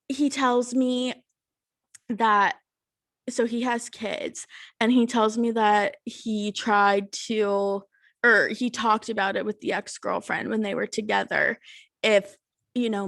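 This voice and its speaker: A woman's voice: medium pitch, a bit bright, dry recording. Young woman podcast host, early twenties, blunt and profane, exasperated storyteller, dry close sound. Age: 20s. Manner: blunt, swears a lot, exasperated retelling. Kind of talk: casual storytelling monologue.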